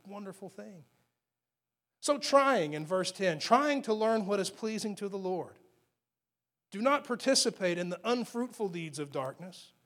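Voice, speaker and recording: A man preaching a sermon as pastor, moving between loud emphatic lines and quiet, hushed ones. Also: high voice.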